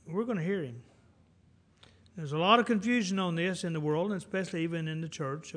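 This preacher speaks on the high side, delivering his sermon in a relaxed, folksy way while voicing the scripture's characters in their own dialogue.

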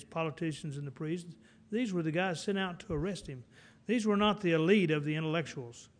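In a folksy, conversational sermon, a man with a fairly high-pitched voice preaches and acts out the dialogue of the people in the scripture.

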